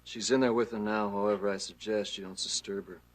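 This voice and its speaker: A man's voice: fairly low pitch, fairly even intonation, a little fast, lightly acted. A man playing a curt, defensive businessman. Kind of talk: 1980s TV soap acting.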